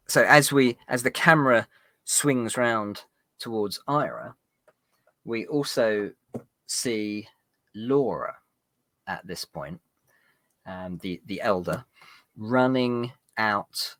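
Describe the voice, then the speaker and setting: A man's voice: fairly low pitch, fairly bright tone, no echo. A man narrating as game master of a tabletop game, rambling with fillers and restarts.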